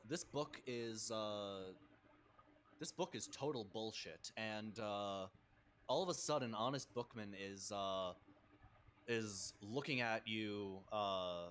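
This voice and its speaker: Guy dm with a lowish voice, kinda hesitant, lots of uh and restarts, faint background hiss. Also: fairly bright tone. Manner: hesitant, many fillers and restarts. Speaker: game master. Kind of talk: running a tabletop game online.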